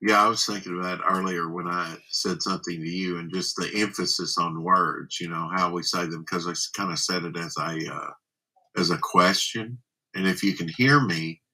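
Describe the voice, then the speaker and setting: Low husky-voiced man chatting. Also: steady tone, moderate pace, pushed and bright, poor audio. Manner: rambling, musing with many fillers. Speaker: live stream host. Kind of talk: casual chat, reading out viewer comments.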